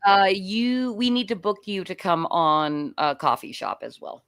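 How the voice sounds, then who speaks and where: A woman's voice: mid-range voice, expressive, unhurried, fairly bright tone, no echo. A woman co-hosting a casual stream, friendly and encouraging about networking. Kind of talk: casual chat.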